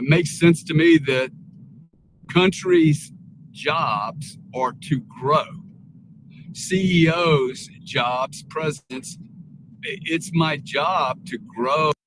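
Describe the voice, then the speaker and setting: A man's voice: mid-range voice, noisy background. A man speaking earnestly and rambling with many restarts as a guest on a casual live panel talk.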